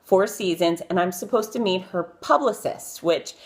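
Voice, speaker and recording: A woman talks to her viewers in a loose, live-stream style, spinning anecdotes full of fillers and restarts. Her voice sits a little low, but she jumps up high when she acts out what people said. She pokes fun at herself throughout. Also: moderate pace. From Florida. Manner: chatty and animated, acting out quotes in a high voice; self-deprecating with frequent fillers. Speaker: vlogger telling stories of celebrity interviews. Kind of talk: casual live-stream storytelling.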